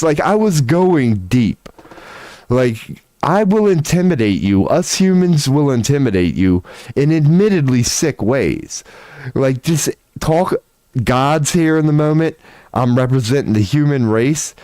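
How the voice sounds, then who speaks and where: A man livestreaming from home, telling a long story in a rambling, animated and profane way, laughing often. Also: medium pitch, measured pace, dry recording. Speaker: livestream host.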